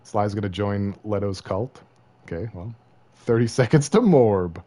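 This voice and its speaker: A man's voice: fairly low pitch, animated, a little slow, warm tone. A man streaming a video game, chatting casually and joking, rambling and slipping into silly voices. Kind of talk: casual gaming livestream commentary.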